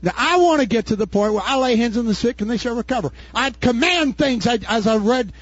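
An older man preaching a sermon as pastor, impassioned and folksy, rising to shouts at his peaks. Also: very high-pitched, animated, brisk, dry recording. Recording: dull dry recording.

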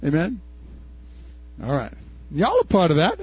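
An older man preaching a sermon as pastor, impassioned and folksy, rising to shouts at his peaks. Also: a little high, wildly swooping pitch, measured pace, breathy edge, no echo. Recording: dull dry recording.

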